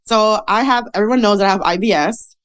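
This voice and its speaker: A woman's voice: quick pace, clear, resonant tone. A woman guest on a podcast, telling stories casually and acting out the voices of people she quotes. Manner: animated, acts out quoted voices with big pitch jumps. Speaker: podcast guest, model and speaker. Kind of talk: casual interview storytelling.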